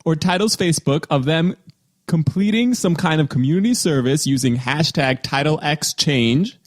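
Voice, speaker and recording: A man's voice: on the high side, animated, moderate pace. A man co-hosting a podcast, joking and teasing while he reads a sponsor spot in casual banter. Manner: laughing, teasing, playful. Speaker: podcast co-host.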